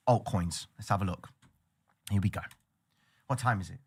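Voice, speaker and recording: A man giving casual, animated trading commentary on a livestream. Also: low voice, measured pace, long pauses, husky. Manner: animated, slangy, excitable.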